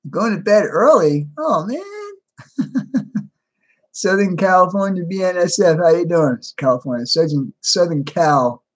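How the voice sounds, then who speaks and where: A man's voice: high-pitched, lively intonation, measured pace. A man hosting a livestream, casually greeting viewers by name and answering chat, a little tired. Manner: reads out viewer names and replies to chat. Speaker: livestream host.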